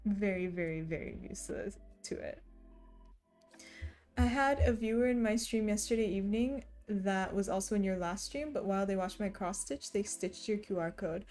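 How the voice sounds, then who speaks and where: A woman's voice: medium pitch, moderate pace, a little mellow, soft background music. A woman streamer chatting casually and reading chat messages aloud, laughing often. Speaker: streamer reading chat while cross stitching.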